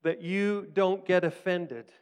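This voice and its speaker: A man preaching by storytelling. His voice is smooth and clear and sits a little high. He talks earnestly and drops to a hush for the quoted words. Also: fairly even intonation, slow pace. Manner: earnest, drops to soft hushed tones in quoted lines, rises for emphasis. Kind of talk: sermon storytelling.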